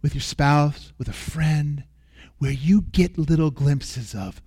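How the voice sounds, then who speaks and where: Preaching slowly in a fairly high, slightly rough male voice, this pastor leans on earnest, emphatic repetition. At moments he lets his voice fall to almost a whisper.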